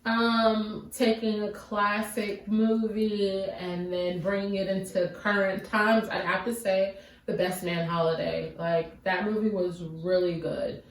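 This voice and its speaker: A woman's voice: medium pitch, flat delivery, takes it slowly, far from the mic. Woman co-host, teasing, echoey room. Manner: teasing, laughs easily. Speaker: podcast co-host. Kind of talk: casual movie review chat. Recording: roomy, mic set back.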